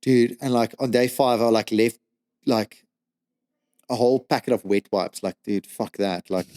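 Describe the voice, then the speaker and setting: A man telling a story as a podcast guest, animated and swearing, with lots of "like" and "dude.". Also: medium pitch, unhurried. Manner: animated, swears a lot, says "like" and "dude" often. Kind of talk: casual storytelling.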